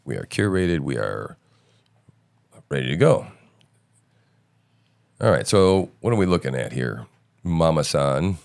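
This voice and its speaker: A middle-aged man with a very low, smooth and resonant voice, hosting a casual stream. He talks loosely and rambles, full of fillers and restarts. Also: big pitch swings, unhurried, pauses often, darkish tone. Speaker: show host. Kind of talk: casual live-stream chat.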